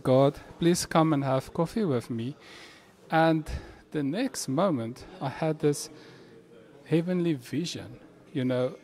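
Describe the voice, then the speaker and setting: Male pastor, slightly high voice, lively storyteller, casual faith chat in a café. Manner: animated storytelling. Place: coffee shop.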